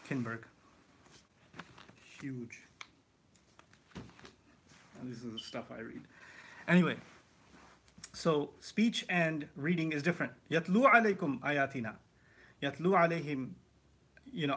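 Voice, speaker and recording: A man teaching the Quran in a live question-and-answer session, explaining with lively asides and rhetorical questions. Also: medium pitch, breathy edge. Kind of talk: live Q&A lesson.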